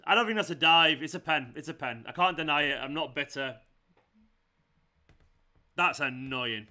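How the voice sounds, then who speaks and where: A man hosting a live football watchalong, reacting with exasperation, swearing and shouting at the players. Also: fairly high pitch, moderate pace. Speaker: fan channel host.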